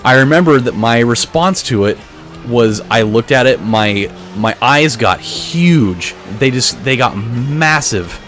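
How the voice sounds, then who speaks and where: A man's voice: medium pitch, animated, slow pace, fairly bright tone. Let's play host, man, middle voice, rambling, swears, faint music behind. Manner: rambling, many restarts, swears freely. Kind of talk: casual gameplay commentary, telling a dream.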